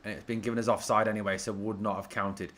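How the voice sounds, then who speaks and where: A man hosting a fan watch-along stream, giving casual live commentary and reading out viewers' comments, getting excitable when his team attacks. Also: lowish voice, quick pace.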